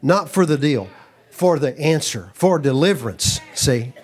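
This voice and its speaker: Animated man preaching a sermon. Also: on the high side, unhurried, slightly rough. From Texas. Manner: animated, acts out quoted voices, breaks into asides.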